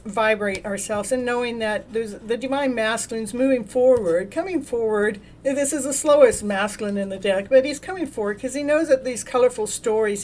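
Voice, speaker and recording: A woman's voice: a little high, a little mellow. Giggly woman hosting a live tarot reading. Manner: laughs often, repeats and restarts words; talks to viewers in the chat by name. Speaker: tarot reader and show host.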